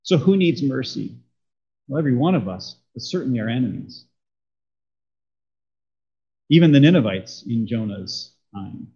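A man preaches to his congregation in a husky, slightly breathy voice. He keeps it conversational and keeps asking the room questions. The recording is a bit dull and lo-fi. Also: mid-range voice, expressive, normal speed, long pauses, warm tone. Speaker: pastor. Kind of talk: sermon.

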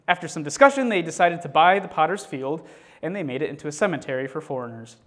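A man's voice: a little high, animated, brisk. A man reading a scripture passage with expression, then teaching from it in a casual, unscripted way with frequent fillers and restarts.

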